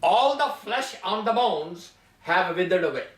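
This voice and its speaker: A man's voice: high-pitched, animated, measured pace. A man voicing a laughing bird skeleton that mocks and regrets, in an echoey room from far off. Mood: regretful. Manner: mocking, then weary and remorseful.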